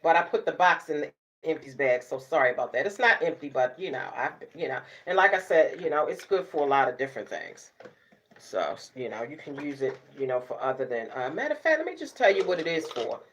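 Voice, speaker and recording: A middle-aged woman vlogger, chatting casually to camera, sassy and loud, laughing often and cussing freely. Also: deep voice, big pitch swings, brisk. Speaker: beauty vlogger.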